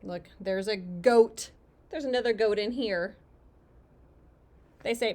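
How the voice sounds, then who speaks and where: A woman teacher reading a picture book aloud to young children, asking them questions and sometimes dropping into soft whispers. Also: medium pitch, measured pace, gravelly, long pauses.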